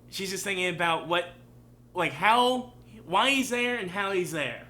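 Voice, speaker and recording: Bright-voiced man rambling through a reaction. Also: sits high, unhurried, a little hiss or hum. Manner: rambling, many fillers. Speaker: show host. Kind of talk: casual reaction commentary.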